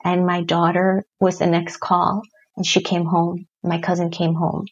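A middle-aged woman speaks earnestly and reflectively, opening up about her own life as a guest in an interview. Her voice is husky and sits a little low. The recording sounds somewhat dull and lo-fi. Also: monotone, a little slow. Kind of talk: personal storytelling in an interview.

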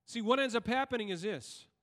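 A man's voice: high-pitched, fairly bright tone. A male pastor preaching a sermon in a church, often asking the congregation questions and waiting for their reply. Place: church sanctuary. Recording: long hall reverb in church.

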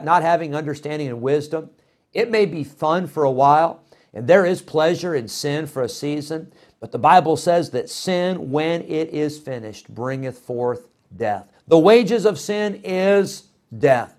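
A middle-aged man preaching a sermon in a folksy, animated way, with frequent fillers and restarts. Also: fairly high pitch, measured pace.

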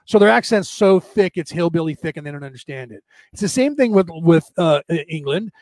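An American man hosting a live-streamed show, rambling quickly in casual talk and peppering it with "right?" and mock voices. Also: fairly high pitch, lively intonation, a little mellow, no room sound. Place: home setup, camera off.

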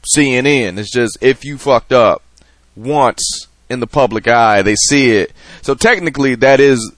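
A man's voice: medium pitch, a bit bright, dry recording. A man hosting a podcast, telling a loose, rambling story with casual swearing and lots of fillers. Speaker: podcast host. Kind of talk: casual monologue.

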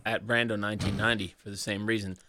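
A man hosting a podcast in casual chat, relaxed and dryly funny as he wraps up the show. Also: fairly low pitch, fast, no room sound. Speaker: podcast host.

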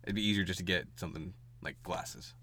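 A man's voice: low-pitched, fairly even intonation, brisk, pushed and bright. A man co-hosting a podcast in casual chat, joking crudely with lots of fillers and laughter. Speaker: podcast co-host.

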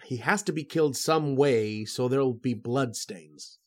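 An actor playing a flustered, indignant mystery writer in a radio drama. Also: male voice, mid-range voice, a little slow, lightly acted. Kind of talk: 1930s radio drama acting.

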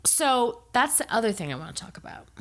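A woman's voice: a little high, very animated, brisk, a bit bright. Profane woman ranting in mocking voices. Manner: profane, mocking impressions of angry men. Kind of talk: heated political chat.

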